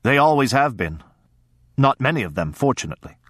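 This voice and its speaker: A man's voice: mid-range voice, very animated, a little fast, a bit bright, dry recording. A man voicing a grave father who speaks briefly and dryly, stern but tender, in a storybook reading. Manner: brief and dry.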